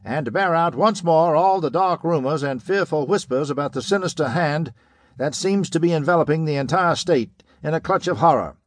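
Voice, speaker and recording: An old-time radio news announcer booms out bulletins in a raised, declamatory voice, as a male narrator puts him on. He is pitched well above an ordinary man's speech and sounds urgent. The recording itself is dry and close. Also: normal speed, no room sound, close to an everyday voice. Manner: booming, declamatory.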